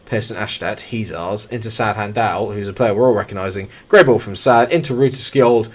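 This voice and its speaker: A young man with a lowish voice talks through a football sim match as he plays it. He jumps into excited play-by-play calls, then drops back into relaxed, chatty remarks aimed at his players. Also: a little fast. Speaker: gaming YouTuber. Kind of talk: live football sim commentary.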